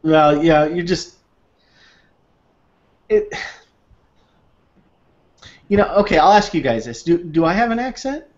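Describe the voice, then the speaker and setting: A man's voice: on the high side, expressive, slow, pauses often. A man co-hosting a casual online hangout, chatty and playful, with frequent restarts. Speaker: video hangout co-host. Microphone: video call. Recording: dull lo-fi video call audio.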